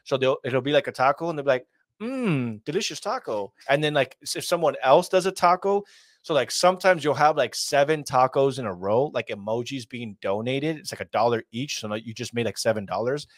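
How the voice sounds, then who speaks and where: A man's voice: medium pitch, brisk, no echo. A man hosting casual reaction commentary in a slangy way, with lots of fillers. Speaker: host.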